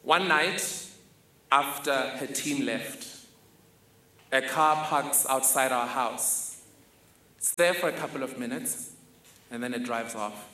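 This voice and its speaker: A man's voice: medium pitch, takes it slowly, pauses often, pushed and bright. A young man telling a wry, vivid personal story on stage. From South Africa. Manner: vivid, wry, self-mocking. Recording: echoey hall, faint ambience.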